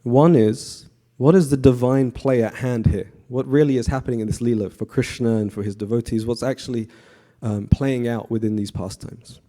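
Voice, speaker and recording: Giving a devotional class to a live audience in a temple hall, a mellow-voiced man speaks at medium pitch and normal speed with hardly any pauses. He's relaxed and conversational, asks the audience questions, and frequently uses fillers and restarts.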